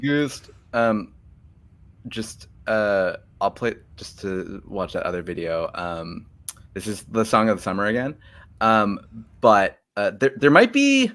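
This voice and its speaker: A man's voice: lowish voice, slow, a bit bright. A man hosting a livestream in casual chat, talking loosely with lots of ums and restarts. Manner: chatty, hesitant with many fillers. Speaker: livestream host.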